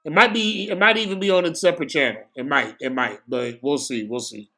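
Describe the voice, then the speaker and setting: A young man giving casual, slangy live commentary on a boxing match for his stream, excitable and prone to bursts of shouting. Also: on the high side, a little fast, gravelly.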